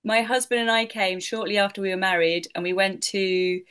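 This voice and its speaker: A woman's voice: mid-range voice, fairly even intonation, normal speed, fairly bright tone, smooth. Chatty woman voiceover artist. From United Kingdom. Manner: chatty, laughs often, many fillers like "like". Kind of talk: casual interview answers.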